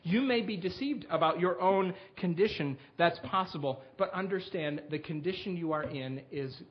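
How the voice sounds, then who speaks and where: A man delivers a sermon in a high-pitched voice, addressing his congregation directly and earnestly. He reads scripture passages aloud with growing emphasis. The recording sounds muffled and lo-fi. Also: normal speed. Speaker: pastor.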